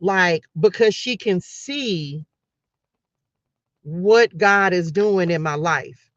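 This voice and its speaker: A woman's voice: fairly low pitch, very slow, fairly bright tone, no room sound, muffled recording. A middle-aged woman talking casually and emphatically to her live-stream viewers about faith, repeating herself like a preacher and calling them y'all. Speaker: faith livestreamer.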